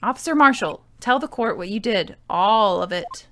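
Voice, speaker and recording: A woman's voice: medium pitch, lively intonation, moderate pace, a bit bright, slight background noise. An Australian woman voicing a weary, stubborn male police officer as she reads game dialogue aloud. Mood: stern.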